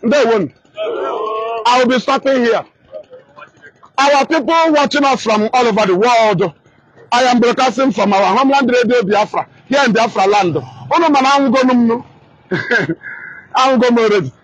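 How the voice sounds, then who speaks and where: A man's voice: very high-pitched, brisk, breathy edge, poor audio. A man with an Igbo-speaking Nigerian accent gives an impassioned street broadcast in fiery, insistent speech, often repeating phrases.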